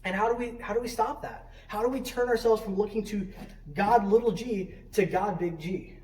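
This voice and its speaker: This student ministry leader talks at a moderate pace in a mid-range, darkish voice, giving a conversational youth sermon in a church sanctuary. Questions come often, as does "right?", and the distant-mic recording is roomy with faint noise.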